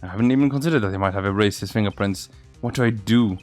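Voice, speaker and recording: A man's voice: fairly low pitch, fast talker, faint music behind, pitched below the performer's own voice, natural voice. A man voicing a determined young male defense lawyer in a courtroom game, earnestly thinking aloud.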